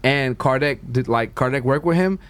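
In a casual interview, a young guest DJ who also scouts talent talks at normal speed in a mid-range voice. He rambles in a loose way and fills his speech with "like" and "man."

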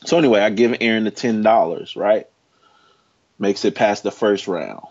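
A man in his forties, a guest in an interview, telling a personal story in a casual, emphatic and animated way. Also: on the low side, normal speed. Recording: dull lo-fi sound.

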